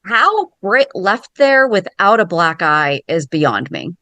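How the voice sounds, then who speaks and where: A woman's voice: on the low side, big pitch swings, slow pace, bright, forceful tone, no room sound. Opinionated woman chatting on a dry mic. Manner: emphatic, opinionated reactions. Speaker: podcast co-host. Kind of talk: casual fan podcast chat.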